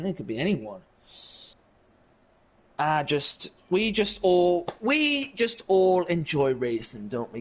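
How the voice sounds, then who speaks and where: A man's voice: high voice, low-quality recording. A young man casually chatting on a live stream while playing a racing game, rambling and answering viewers in chat. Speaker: racing league streamer and commentator.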